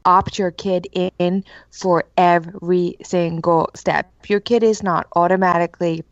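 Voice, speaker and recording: A woman's voice: fairly low pitch, fairly even intonation, unhurried, no room sound. A woman co-hosting a podcast, making an emphatic point in casual chat and searching for her words. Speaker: podcast co-host. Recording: dry, slightly dull podcast audio.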